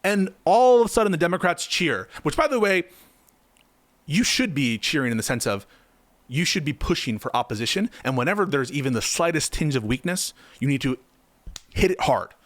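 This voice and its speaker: A man's voice: on the high side, big pitch swings, moderate pace, fairly bright tone, no room sound. A man giving impassioned political commentary, heated and sarcastic, firing off rhetorical questions.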